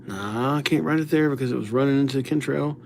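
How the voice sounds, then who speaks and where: A man's voice: mid-range voice, fast, gravelly, darkish tone, a little hiss or hum. A man chatting casually on a live stream, reading out viewers' names as he writes them and thanking subscribers. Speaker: livestreamer writing viewers' names.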